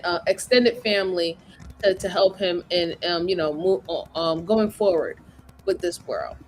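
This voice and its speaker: A woman hosting a casual livestream, chatting about a case and thanking viewers. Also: medium pitch. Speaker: livestream host.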